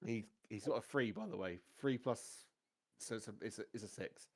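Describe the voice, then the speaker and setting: A man, narrating a tabletop game as game master in a relaxed, chatty way. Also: on the low side, normal speed.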